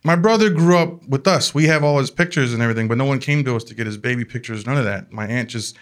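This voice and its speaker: A man telling a comic family story in an animated way, laughing along as he talks. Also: medium pitch, fast talker. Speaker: comedian. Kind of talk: comedic storytelling.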